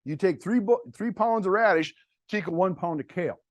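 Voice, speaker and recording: A man's voice: sits high, normal speed, no room sound. A middle-aged man, giving a plainspoken, folksy workshop talk to farmers about cover crops. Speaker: cover crop agronomist.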